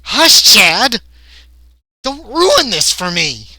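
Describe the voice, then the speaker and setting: A man voicing a petulant male gray alien, a childish prankster with a shrill, whiny delivery. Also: sing-song, slow pace, sharp tone, no echo, heavily acted. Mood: snappish.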